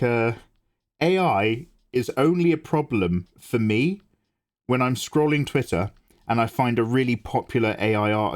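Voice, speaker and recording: A man chats his way through an art livestream, greeting viewers and reading messages aloud. His voice sits in an ordinary middle pitch, and his talk is loose, rambling and self-deprecating. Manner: chatty, self-deprecating, reads chat aloud. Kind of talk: casual livestream chat.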